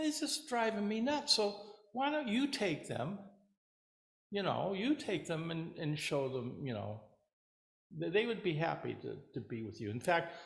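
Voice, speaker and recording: A man's voice: high-pitched, creaky, reverberant, pitched above the performer's own voice, full character voice. A man voicing a weary male demon king who is tired of scaring people, complaining in an exasperated way.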